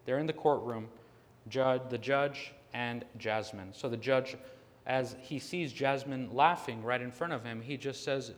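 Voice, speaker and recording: A man preaching a sermon, telling a story earnestly with slow, emphatic stresses. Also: medium pitch, big-room sound. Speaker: pastor.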